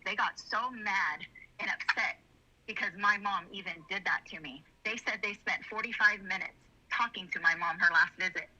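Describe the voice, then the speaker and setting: A middle-aged woman with a very bright, mid-range voice tells candid personal stories as an interview guest, earnest, emotional, and rambling. The video audio is dull, lo-fi, and slightly muffled.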